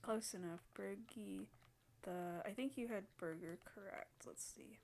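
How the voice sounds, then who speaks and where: A woman's voice: lowish voice, normal speed, a little mellow, a little hiss or hum. A woman giving casual gameplay commentary, thinking aloud and hesitating as she sets up a character. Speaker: gaming video creator.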